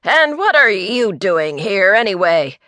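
A cranky older man who scolds everyone in a gruff, accusing tone, as a woman narrator puts him on. His voice is bright and forceful, recorded close and dry for an audiobook. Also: mid-range voice, very animated, measured pace, dry recording. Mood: grumbling. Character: cranky older male busybody.

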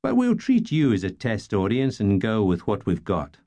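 A man reading the part of a relaxed, friendly male film star with an Australian Californian drawl. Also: fairly low pitch, moderate pace, no echo, dull audio. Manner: easygoing drawl.

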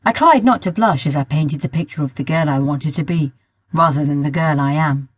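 A woman narrates a first-person story for an audiobook at a measured pace. Her voice has a soft husky edge. It is recorded on a close mic in a dry, dead room. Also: deep voice, dry recording. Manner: measured storytelling, sometimes rereading a line.

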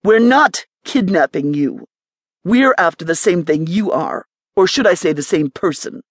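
A woman's voice: on the low side, expressive, a little slow, slightly rough, no room sound, full character voice. Audiobook lead man: a woman reading a level, controlled operative with a dry edge. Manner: level, controlled, quietly threatening. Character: calm, firm man leading a covert team.

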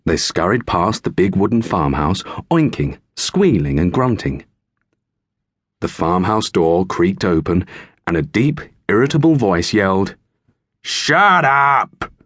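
A man narrating a children's audiobook with animated storytelling. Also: deep voice, unhurried, slightly rough, dry recording.

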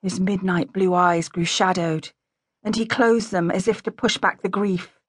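A woman's voice: fairly low pitch, steady tone, unhurried, slightly rough, dry recording. Woman narrating an audiobook, dry. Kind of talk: scripted narration. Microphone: close studio mic. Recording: dry close-miked studio.

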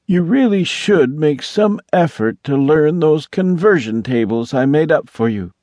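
A man voicing a polite, cheerful blue-skinned alien gentleman in an audiobook, speaking with mild, precise courtesy. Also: fairly high pitch, expressive, measured pace, dry recording, voice pushed up. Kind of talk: audiobook character voice.

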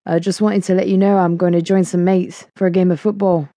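A cheerful young man speaks quickly and casually, easygoing and polite, as a woman narrator voices him. The voice sits slightly low. The recording is dry and close. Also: flat delivery, warm tone, dry recording, lightly acted. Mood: friendly.

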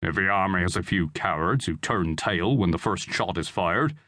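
An assured rebel soldier and father speaking airily of his army, read by a male audiobook narrator. The voice sits low with a lively, rolling intonation, close and dry. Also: moderate pace, dry recording. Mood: confident. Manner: assured, airy.

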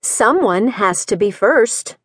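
A woman voicing a determined young widow who applies for detective work, speaking in a crisp, resolute, formal way in an audiobook. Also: fairly high pitch, animated, a little slow, no room sound, studio quality.

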